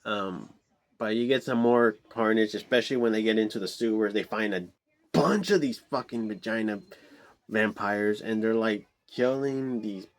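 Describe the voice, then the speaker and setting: A man's voice: lowish voice, moderate pace. A man giving a casual, rambling movie review, swearing a lot, with many fillers and restarts and exasperated outbursts.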